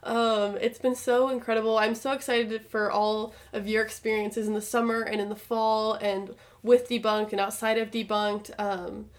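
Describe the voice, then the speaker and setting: A young woman co-hosting a podcast, chatting in a bubbly, gushing way with lots of fillers. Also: medium pitch. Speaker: podcast co-host. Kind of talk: casual chat.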